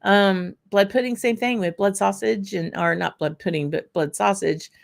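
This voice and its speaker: Gravelly woman. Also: medium pitch, moderate pace. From Louisiana. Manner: chatty, answers viewers by name while tasting. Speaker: whisky channel host. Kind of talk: casual livestream chat.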